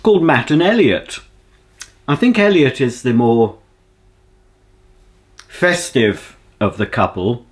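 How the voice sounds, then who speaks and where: A man with a Yorkshire accent chatting casually to camera as a vlogger, rambling and homely with lots of ums. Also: on the low side.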